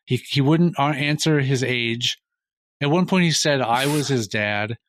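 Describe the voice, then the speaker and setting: A man's voice: mid-range voice, a little slow. A middle-aged man co-hosting a podcast, telling an anecdote in casual chat and acting out the lines of the people in it. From Minnesota. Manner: animated retelling, acting out other people's lines. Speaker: podcast co-host.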